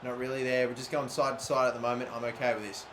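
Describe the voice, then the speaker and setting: A young man giving casual commentary over a football video game, excitable and swearing when annoyed. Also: mid-range voice, fast talker. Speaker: gaming YouTuber. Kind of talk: gameplay commentary. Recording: echoey room with faint ambient noise.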